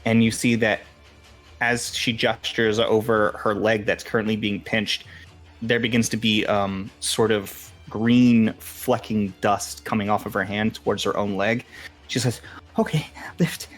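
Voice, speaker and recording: Low-voiced man running a tabletop game. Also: little pitch movement, a little slow, fairly bright tone, faint music behind. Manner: casual, many fillers, playful swearing. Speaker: game master.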